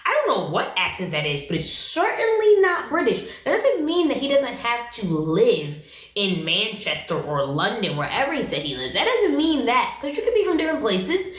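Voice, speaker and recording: A woman giving a sassy, animated casual review of a reality show. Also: fairly high pitch, normal speed. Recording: roomy echo.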